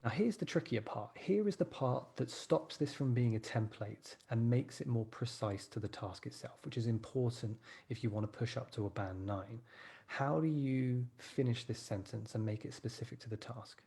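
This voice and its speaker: A man's voice: medium pitch, normal speed, creaky, warm tone. A man teaching a live writing class, encouraging his students and thinking aloud as he types.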